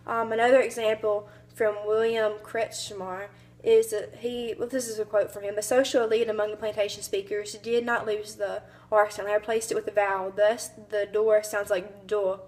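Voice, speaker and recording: A woman's voice: mid-range voice, flat delivery, moderate pace, a little mellow. Young Southern woman giving a class speech. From American South. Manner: hesitant, many fillers, mimics accents briefly.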